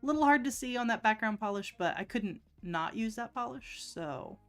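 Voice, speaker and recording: A woman's voice: fairly high pitch, lively intonation, moderate pace, faint music behind. A woman chatting casually on a live stream while doing nail art, laughing often and teasing herself.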